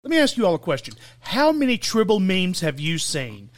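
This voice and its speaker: Joking podcast co-host, slightly high. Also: male voice, wildly swooping pitch, moderate pace, dry recording. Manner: joking, laughs often, lists topics. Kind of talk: casual chat.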